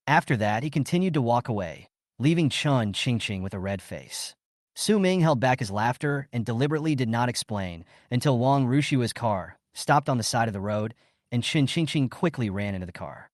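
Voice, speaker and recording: A man reading a scripted story recap as its narrator, in a steady storytelling manner. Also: medium pitch, normal speed, dry recording, clean studio sound.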